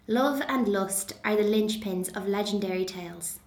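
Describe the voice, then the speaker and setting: A woman from Dublin speaks with a neutral Dublin Irish accent at an average pitch. She reads steadily, then talks about herself in an easy way with plenty of ums. The sound bounces around an echoey room. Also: normal speed. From Dublin, Ireland. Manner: relaxed, with frequent ums. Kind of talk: reading a passage, then casual talk about her accent.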